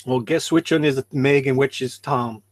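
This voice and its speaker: A man's voice: mid-range voice, steady tone, normal speed, crowd noise. A man hosting a casual live stream, laughing often and reading out chat comments.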